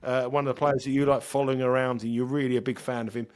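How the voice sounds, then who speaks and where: A man's voice: medium pitch, level tone, fast talker. A man hosting a casual betting podcast, rambling and self-deprecating, often stumbling and repeating words. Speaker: podcast host.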